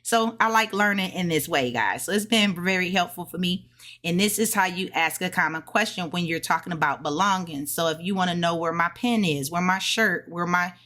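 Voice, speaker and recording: A woman casually explaining her study notes, sounding out words slowly and correcting herself. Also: lowish voice, sharp tone. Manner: thinks aloud, self-correcting, sounds out tones slowly. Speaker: language learner sharing study notes. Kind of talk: casual study vlog lesson.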